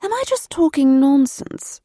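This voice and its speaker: A woman reading a sleepy, tipsy young woman who speaks slowly and deliberately. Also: high voice, big pitch swings, warm tone, no echo, studio quality, pitched above the performer's own voice. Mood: tipsy sing-song.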